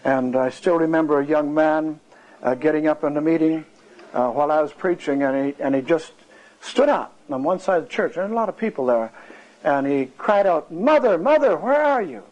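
Earnest preacher telling a testimony. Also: male voice, fairly high pitch, moderate pace, a little mellow, muffled recording. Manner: earnest, anecdotal, acts out dialogue. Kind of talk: sermon testimony storytelling.

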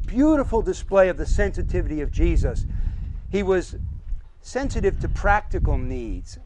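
A man's voice: high-pitched, lively intonation, moderate pace, background noise. A man preaching a sermon with emphasis, listing his points one by one and asking the audience questions.

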